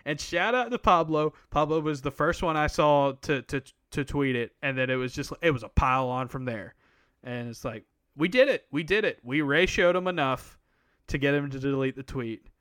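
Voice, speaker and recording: A man co-hosting a casual sports podcast, talking in an animated, sarcastic way with mock-outraged asides. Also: mid-range voice, moderate pace, clear, resonant tone, dry recording, studio quality. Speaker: podcast co-host.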